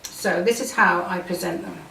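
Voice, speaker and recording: A woman's voice: fairly low pitch, normal speed, gravelly, pushed and bright, a little hiss or hum. A woman hosting a cooking show, chatting enthusiastically as she talks through each step in her home kitchen. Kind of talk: casual cooking demonstration. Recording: roomy kitchen, mic at a distance.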